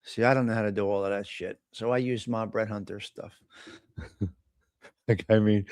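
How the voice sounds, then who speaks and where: A man's voice: on the low side, steady tone, normal speed, long pauses, a little mellow, no room sound, studio quality. A man hosting a casual live stream, talking bluntly with a lot of profane trash talk. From Italian American. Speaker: host.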